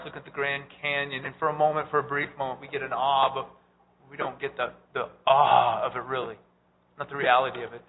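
A man preaching a sermon, rising to loud, urgent pleading and dropping to hushed tones, often repeating phrases. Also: mid-range voice, slight background noise. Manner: repeats phrases and restarts mid-sentence. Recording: tinny phone-like sound with long hall reverb.

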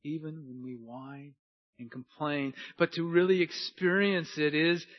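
A man preaching a sermon earnestly, moving between hushed and emphatic delivery, on a dull lo-fi recording. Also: on the high side, fairly even intonation, unhurried, no echo.

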